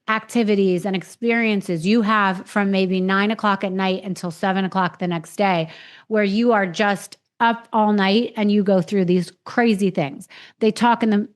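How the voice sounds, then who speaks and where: A woman's voice: mid-range voice, moderate pace. A woman podcast host frankly recounting her own experiences, swearing freely and acting out what others said to her. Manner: frank, swears freely, retells with quoted voices. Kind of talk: candid personal storytelling.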